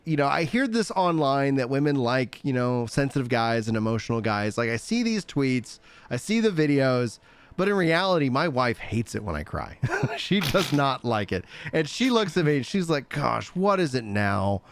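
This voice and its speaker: A man's voice: fairly high pitch, lively intonation, normal speed, clean tone, dry recording. A middle-aged man chatting casually as a streamer, rambling and self-deprecating, laughing often. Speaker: streamer and podcast host. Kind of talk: casual chat.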